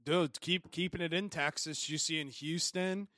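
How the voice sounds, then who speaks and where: A young man with a somewhat high voice co-hosts a laid-back podcast, spinning rambling stories packed with swearing and "dude". The sound is dry and close. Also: steady tone, normal speed, pushed and bright, no echo. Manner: rambling storyteller, swears often, says "dude". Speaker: podcast co-host. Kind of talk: casual podcast chat.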